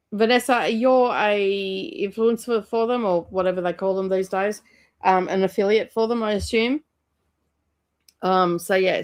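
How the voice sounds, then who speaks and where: A young woman hosting a casual book club livestream, chatty and rambling as she reads out viewer comments with lots of ums and laughs. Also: medium pitch.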